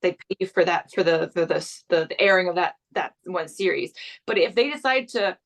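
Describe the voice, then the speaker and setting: A woman's voice: fairly low pitch, lively intonation, a little fast. A young adult woman from Canada, a guest actress chatting casually in an interview, full of restarts and fillers.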